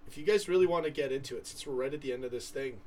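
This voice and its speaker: A young man from Canada rambles through a casual live stream and reads out viewers' comments. His voice is pitched in the middle, and he talks from a little way back from the mic in a room at home. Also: very fast, darkish tone, far from the mic. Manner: rambling, chatty, trails off and restarts. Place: home room with a computer fan humming.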